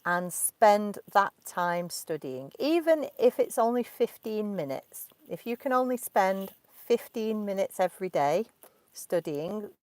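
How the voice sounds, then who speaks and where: A woman in her thirties with a Derbyshire accent, an English teacher answering questions from learners in slow, clear speech, recorded inside a parked car. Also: medium pitch, very animated, a little mellow, no room sound. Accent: Derbyshire English, clearly spoken. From Derbyshire, England.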